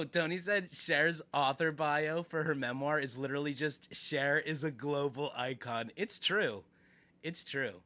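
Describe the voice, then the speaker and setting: Animated, bright-voiced male streamer. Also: a little high. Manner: animated, chatty, talks to chat. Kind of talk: casual live-stream reaction.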